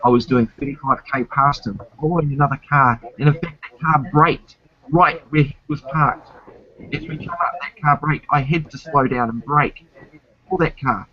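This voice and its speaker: A man's voice: a little high, normal speed, highs cut off. A man chatting casually on his stream, indignant and swearing freely. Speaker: streamer host. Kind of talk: casual chat.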